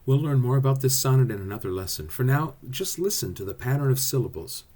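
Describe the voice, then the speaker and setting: A man teaching a recorded drama lesson, explaining verse in an expressive way. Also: medium pitch, quick pace.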